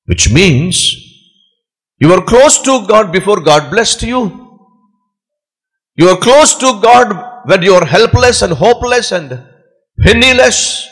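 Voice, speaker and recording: A male pastor delivers a sermon slowly and deliberately, pressing his point home by repeating key phrases. His voice is husky and sits fairly high, rising and falling widely as he preaches. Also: big pitch swings, fairly bright tone.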